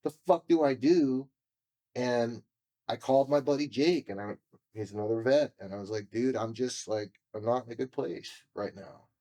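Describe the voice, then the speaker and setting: As a podcast guest, a man from California tells his story candidly, emotionally, and profanely, acting out what people said to him in a confessional manner. His mid-range voice has a dark tone at normal speed.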